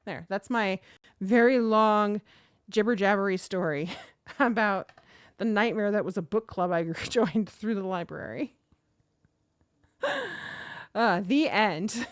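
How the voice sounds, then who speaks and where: Speaking at a measured pace in a smooth, medium-pitched voice with no echo, a livestream host in her thirties chats and casually tells a story. She's animated and talkative, reading the chat out loud.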